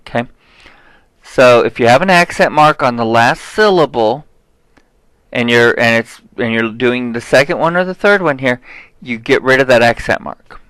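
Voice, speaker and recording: A man teaching a Spanish lesson, explaining grammar step by step and checking in with "okay?", saying example words slowly. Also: mid-range voice, lively intonation, fairly bright tone, smooth, no echo, low-quality recording. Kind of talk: recorded classroom lesson.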